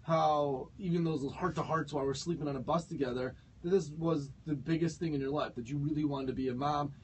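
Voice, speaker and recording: A man's voice: on the high side, steady tone, brisk, slightly rough, rough recording. A man radio co-host chatting on air, supportive, reading out messages from listeners. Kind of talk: casual on-air chat.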